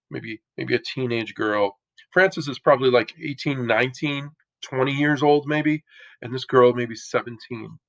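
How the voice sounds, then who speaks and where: A man giving a lecture as a casual story, talking in a relaxed, conversational way with slangy asides. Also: medium pitch, poor audio.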